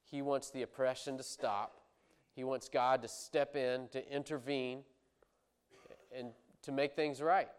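A man's voice: mid-range voice, steady tone, measured pace, clear, resonant tone. A man preaching a Bible teaching sermon in an earnest, emphatic way, often repeating words and restarting phrases.

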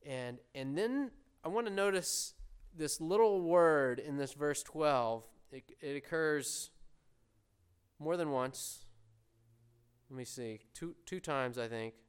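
A man preaching a sermon, earnestly explaining scripture and slowing down to voice prayers with emphasis. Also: fairly high pitch, animated, clear, resonant tone. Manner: earnest, slows and swells when voicing prayers.

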